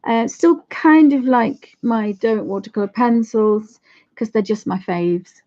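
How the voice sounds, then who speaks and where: Friendly-sounding woman, warm low-key tone, talks viewers through her painting step by step; dull lo-fi stream sound. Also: animated, unhurried. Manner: chatty, thinks aloud while painting, addresses viewers. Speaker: watercolour tutor on a live stream. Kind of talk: casual live craft demonstration.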